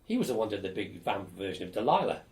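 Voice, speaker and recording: An older man being interviewed for an oral history, telling lively, blunt stories about his student days. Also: lowish voice, rapid-fire. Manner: lively storyteller, animated and blunt, swears casually.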